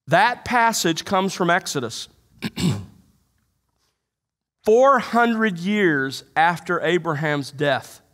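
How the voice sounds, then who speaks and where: Male pastor, light high voice, expository sermon in a church, emphatic and questioning. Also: very slow, long pauses, fairly bright tone. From United States. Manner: expository preaching, quoting and explaining scripture; emphatic, rhetorical questions to the congregation. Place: church sanctuary.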